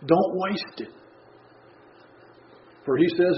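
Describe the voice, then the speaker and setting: A man's voice: medium pitch, normal speed, pauses often. A man preaching an earnest sermon, reading scripture aloud and stressing urgency. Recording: roomy, dull, faint background hum.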